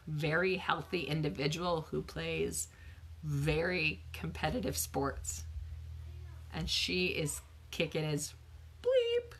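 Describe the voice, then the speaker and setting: A woman in her forties, a physical therapist, chatting casually on a live stream from her bedroom into a phone and answering viewer questions with frequent laughs. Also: medium pitch. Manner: chatty, animated, laughs often, coaching tone. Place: bedroom at home.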